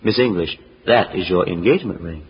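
An actor playing an excitable young American man with folksy slang, in 1940s radio drama, on a dull lo-fi old recording. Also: deep voice, fairly quick, husky, long reverb tail, exaggerated voice. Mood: tender. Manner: folksy slang, emotional outbursts.

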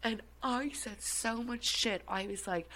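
An Irish woman, appearing as a guest, tells a personal story in a casual chat, animated and laughing often as she swears plenty. Her voice is fairly high and her pace measured, on a low-quality recording.

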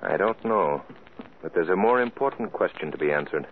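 Smooth assured detective, 1940s radio style, narrow lo-fi sound. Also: male voice, low-pitched, lively intonation, brisk, a little hiss or hum. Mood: confident. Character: suave male detective, calm and assured. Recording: phone-like old radio recording with music.

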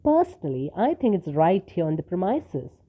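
A woman reading a story, voicing hungry male policemen who chat casually and gruffly while eating. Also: on the low side, very animated, moderate pace, mellow. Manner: casual and gruff, talking with mouths full. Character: hungry male policemen chatting over dinner. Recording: tinny phone-like sound.

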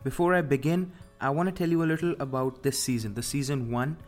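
A man's voice: medium pitch, fast, soft background music. A man hosting a podcast, delivering a scripted motivational monologue with emphatic, repeated rhetorical questions. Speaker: podcast host.

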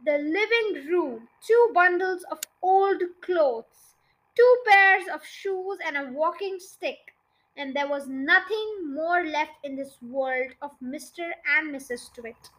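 High, bright female storyteller. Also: low-quality recording. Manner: chatty, stumbles over words. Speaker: podcast storyteller. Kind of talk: reading a children's book aloud.

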